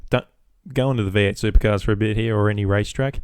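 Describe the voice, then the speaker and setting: A man's voice: lowish voice, steady tone, very fast, a little mellow, clear, resonant tone, no echo, clean studio sound. A young Australian man hosting a solo podcast, rambling casually and swearing freely. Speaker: podcast host.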